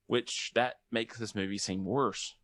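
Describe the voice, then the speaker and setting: A young adult man chatting casually as a podcast guest, animated and joking. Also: fairly low pitch, a little slow, dry recording. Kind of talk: casual chat.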